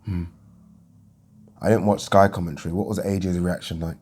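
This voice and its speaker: Young guy, mellow tone, just chatting about a fight, kinda rambly. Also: deep voice, steady tone, moderate pace, breathy edge. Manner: rambling, restarts a lot, thinks aloud. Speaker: boxing pundit vlogger. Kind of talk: casual reaction chat.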